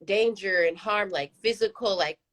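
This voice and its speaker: A woman's voice: medium pitch, moderate pace, a bit bright. A woman parent coach speaking earnestly and reflectively in a live panel discussion, in an easy conversational way.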